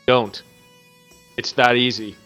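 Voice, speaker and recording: A man's voice: mid-range voice, flat delivery, slow pace, sharp tone, soft background music. Rambling, laughing podcast man. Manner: rambling, joking, laughs often. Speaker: podcast co-host. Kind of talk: casual chat.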